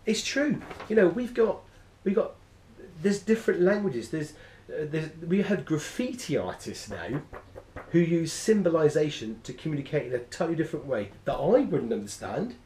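A man's voice: a little high, sing-song, moderate pace, warm tone, slight background noise. A man teaching a class, enthusiastic and rambling, often correcting himself mid-sentence. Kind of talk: classroom lecture. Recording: echoey room.

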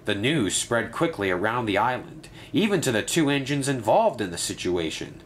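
A man narrating a children's railway story in a steady, descriptive way. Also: medium pitch, normal speed, slight background noise.

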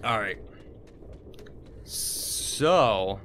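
A man's voice: on the low side, lively intonation, drawn-out words, fairly bright tone, slight background noise. A young man giving gameplay commentary, frustrated and swearing as he mutters to himself. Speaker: gaming video host.

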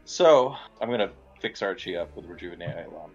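Man player, low voice, grumbles about bad rolls. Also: lively intonation, fast talker, gravelly, highs cut off, over music. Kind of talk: casual tabletop play.

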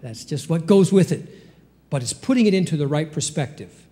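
A man preaching a sermon as pastor, with rhetorical questions and sudden jumps up in pitch. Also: lively intonation, a little fast, mellow. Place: church sanctuary. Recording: long reverb of a church hall.

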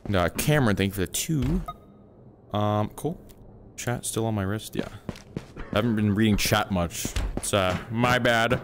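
A man's voice: on the low side, moderate pace, background noise. A man streaming a game, chatting casually and rambling to his teammate and viewers on a headset mic. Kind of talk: casual livestream gaming chat.

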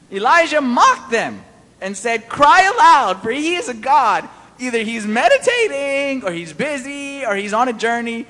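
High-voiced guy preaching, playful, asks the crowd stuff, long church echo. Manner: animated, playful, quizzes the audience. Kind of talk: sermon, Bible study.

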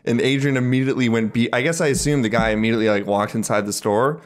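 A man's voice: medium pitch, fairly even intonation, quick pace. A young man co-hosting a casual comedy podcast, laid-back, agreeing often and riffing on jokes. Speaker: podcast co-host.

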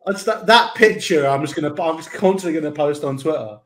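A man hosting a casual football talk show, excited and stumbling over his words. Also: on the high side, brisk. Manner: excited, stumbling restarts, swearing. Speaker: host.

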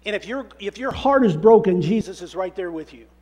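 A man preaching a sermon as minister in a church, reading scripture aloud and telling the story with dramatic shifts from hushed to loud. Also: sits high, lively intonation, a little fast. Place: church sanctuary.

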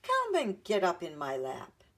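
Woman doing a gruff older grandfather. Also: fairly low pitch, huge pitch swings, unhurried, fairly bright tone, heavily acted. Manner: gruff, emphatic. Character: cross older grandfather, gruff but softening.

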